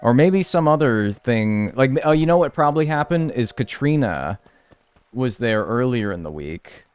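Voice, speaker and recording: A man's voice: fairly low pitch, clean tone. A man casually chatting with viewers during a live game stream, rambling and wry as he thanks people by name. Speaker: gaming livestreamer. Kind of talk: casual live-stream chat while playing.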